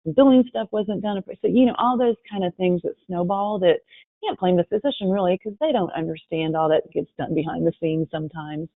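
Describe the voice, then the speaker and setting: A woman giving a webinar presentation, telling stories lively and acting out quoted people. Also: lowish voice, brisk, no echo. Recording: tinny phone-line audio.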